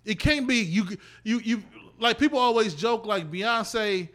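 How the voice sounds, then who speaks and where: Podcast host dude, high bright voice, rambling laid-back talk. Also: male voice, expressive, measured pace. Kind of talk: casual podcast chat.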